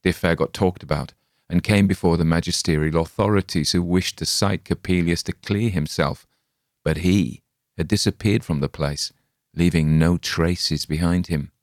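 A man narrating a gothic story in a measured, dramatic reading. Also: low-pitched, fairly even intonation, no echo, studio quality. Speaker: audiobook narrator. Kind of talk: scripted narration.

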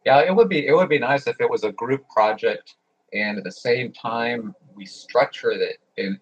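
A man chats casually with the group in a low, husky voice. He is easygoing and works out his thoughts as he talks. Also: highs cut off.

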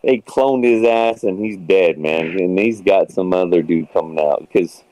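A man's voice: low voice, measured pace, dark tone, dry recording. A man in casual podcast chat, rambling with lots of fillers and restarts, swearing casually. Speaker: guest. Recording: dull lo-fi sound.

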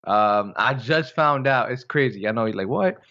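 A man co-hosting a casual podcast, telling relaxed stories about his house with jokey asides. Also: lowish voice, moderate pace, highs cut off. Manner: laid-back storytelling, jokey asides. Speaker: podcast co-host. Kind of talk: casual chat.

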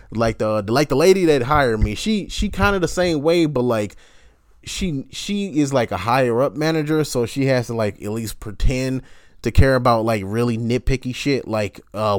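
A man rambles on his podcast in a loose, profane monologue, griping about customers and laughing at his own complaints. His voice sits at an ordinary middle pitch. The recording is dry and close, with no room sound. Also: no echo. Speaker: podcast host.

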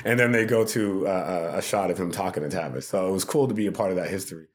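A man, a podcast guest, telling funny stories from his work in a casual, animated way, often laughing. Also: low-pitched, fast. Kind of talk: casual storytelling.

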